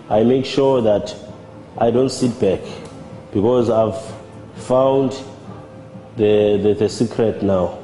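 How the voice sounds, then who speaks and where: A man giving a measured, halting personal testimony as a church member. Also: medium pitch, dark tone. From South Africa. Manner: measured, halting, with repeated words. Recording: roomy with long reverb and faint music.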